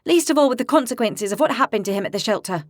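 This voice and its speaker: A woman voicing a sharp-tongued young redheaded woman fighter who answers with sarcastic, quick retorts. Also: a little high, lively intonation, dry recording, studio quality, pitched above the performer's own voice, lightly acted.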